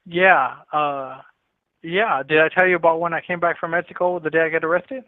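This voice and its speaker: A man tells a story casually over a prison phone line. His voice sits a little high and comes through tinny and dry. He talks in loose slang and repeats words as he goes. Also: steady tone, moderate pace, no echo. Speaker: incarcerated caller.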